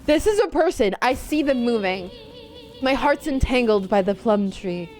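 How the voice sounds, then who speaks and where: A young adult woman streaming a video game, chatting casually and reacting out loud to the game and her chat. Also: fairly high pitch, lively intonation, normal speed, slight background noise. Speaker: VTuber streamer.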